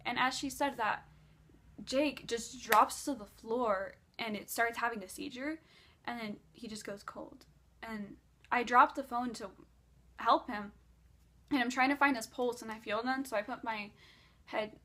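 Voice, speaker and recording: A woman's voice: on the high side, a little slow, sharp tone. A woman vlogger casually telling a long dream story, rambling with lots of "like".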